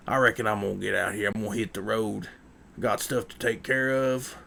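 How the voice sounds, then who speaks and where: Male streamer, rambling and relaxed, gravelly mid-pitched voice. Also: brisk. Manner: rambling, relaxed, with fillers and folksy asides. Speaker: livestream host. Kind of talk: casual chat while packing orders.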